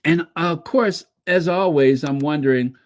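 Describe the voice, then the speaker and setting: A woman from a Caribbean island hosting a casual livestream, chatty and excitable as she thanks her viewers. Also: low voice, unhurried. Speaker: livestream host.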